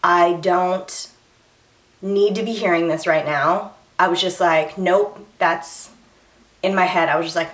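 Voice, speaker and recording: A woman's voice: lowish voice, fairly even intonation, unhurried, a bit bright, distant mic. Emotional young woman telling a vlog story. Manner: emotional, candid, retells scenes with quoted dialogue. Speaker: vlogger. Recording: echoey room, voice a little off-mic.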